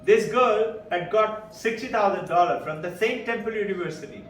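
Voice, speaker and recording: An older man from India speaks with an Indian English accent and a high-set voice, telling stories to an audience. He acts out the voices of other people and chuckles between lines. He sounds distant in a reverberant hall, with faint music underneath. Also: moderate pace. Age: 70s. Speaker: spiritual speaker. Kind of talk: storytelling talk to a live audience.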